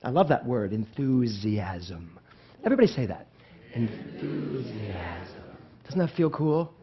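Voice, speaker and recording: Animated male minister preaching. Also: fairly high pitch, quick pace, lo-fi sound, a crowd in the background. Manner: animated preaching, swinging between loud and hushed; asks the congregation questions. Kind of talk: sermon. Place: church sanctuary.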